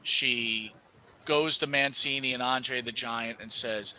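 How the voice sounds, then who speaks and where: A man's voice: medium pitch, fairly even intonation, slow, sharp tone, a little hiss or hum, low-quality recording. A man hosting a casual podcast chat, asking long rambling questions and acting out imagined conversations. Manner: acts out imagined dialogue. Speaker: podcast host.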